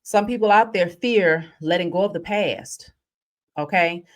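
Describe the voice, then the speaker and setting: A woman's voice: lowish voice, unhurried. Chatty woman giving a spiritual reading. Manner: animated storytelling, chatty. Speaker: spiritual reader. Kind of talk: casual spiritual vlog talk.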